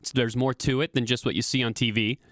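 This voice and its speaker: A man co-hosting a radio talk show, pitching a workshop with a quick promotional delivery. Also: steady tone, a bit bright, dry recording, studio quality. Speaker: radio show co-host, real estate agent.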